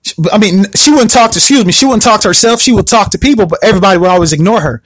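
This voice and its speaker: A man's voice: racing, fairly bright tone. A man telling a personal story in a rambling, repetitive way, acting out his own past words. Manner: rambling, repeats himself, acts out his own past words with rising pitch. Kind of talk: casual storytelling.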